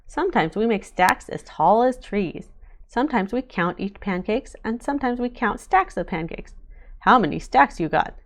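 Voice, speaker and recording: Expressive woman reading a picture book. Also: on the high side, moderate pace. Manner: bright, expressive storytelling. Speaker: storybook reader. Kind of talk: children's picture book read-aloud.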